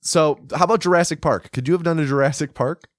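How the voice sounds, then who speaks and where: A man's voice: fairly high pitch, quick pace, dry recording, clean studio sound. A man co-hosting a casual film podcast, laughing often and drawing out his asides. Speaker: podcast co-host.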